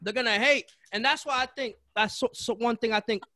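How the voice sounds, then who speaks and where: A man's voice: very high-pitched, a little fast, sharp tone, dry recording, clean studio sound. A man co-hosting a podcast in casual chat, slangy and saying bro constantly. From Chelsea area. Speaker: podcast co-host.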